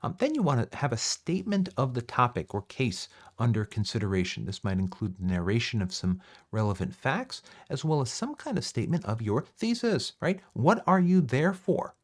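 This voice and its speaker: A man's voice: medium pitch, fairly quick. A man giving a recorded one-take lecture in a conversational way, often checking in with "right?" and using fillers and restarts. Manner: fillers and restarts, lively emphasis.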